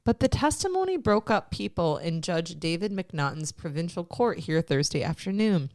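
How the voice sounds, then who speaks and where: Animated woman reading odd news aloud. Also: fairly low pitch, normal speed. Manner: laughing, animated cold reading of articles. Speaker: podcast co-host. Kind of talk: casual chat reading news stories.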